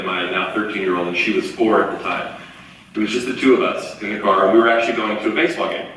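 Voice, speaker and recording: A man's voice: fairly low pitch, sharp tone, slight background noise. Earnest man telling a story in a hall. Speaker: keynote speaker. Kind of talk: motivational storytelling talk. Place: university event hall. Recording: echoey hall, far from the mic.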